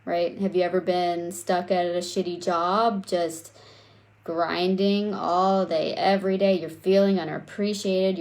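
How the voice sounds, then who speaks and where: A woman's voice: fairly low pitch, darkish tone. A woman coaching on self-worth in a casual, conversational way, often tagging her points with "right?" and swearing now and then. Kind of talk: casual teaching talk.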